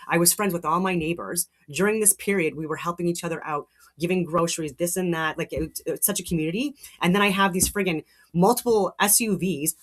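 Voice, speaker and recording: Fast-talking heated woman. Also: on the low side, fairly bright tone. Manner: heated, rambling, swears, many restarts. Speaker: show host. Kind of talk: casual monologue.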